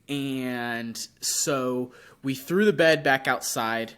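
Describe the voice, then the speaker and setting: A young man, sick with a sore throat, co-hosting a podcast and telling an animated story in casual chat, acting out his own reactions. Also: medium pitch, unhurried, hardly any pauses. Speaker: podcast co-host.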